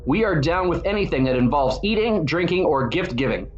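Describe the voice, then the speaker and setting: A man's voice: on the high side, expressive, a little fast, muffled recording, a little hiss or hum. A man in his forties with a wry, irreverent manner, delivering a scripted monologue as a video host. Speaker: church founder and video host.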